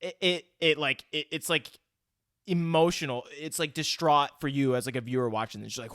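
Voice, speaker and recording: A young man co-hosting a podcast, talking in loose, profane rambles full of filler words. His voice sits a little high, and the recording is close and dry. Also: brisk, a bit bright, dry recording. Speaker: podcast co-host. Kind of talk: casual chat.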